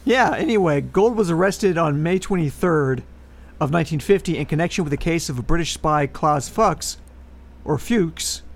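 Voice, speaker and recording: A man's voice: fairly high pitch, expressive, moderate pace, gravelly. A man co-hosting a podcast, reading out a history segment in casual chat and adding wry political asides. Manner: reads historical facts, then adds wry political asides.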